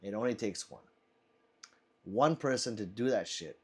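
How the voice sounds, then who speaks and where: A man's voice: lowish voice, lively intonation, moderate pace, darkish tone, husky. A man hosting a casual livestream, reading chat aloud, laughing often and swearing freely.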